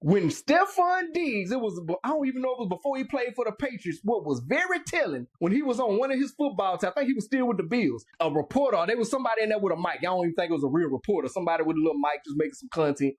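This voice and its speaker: Man from Louisiana, talk show host, emphatic, quick interjections. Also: sits high, animated, husky. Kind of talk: casual podcast chat.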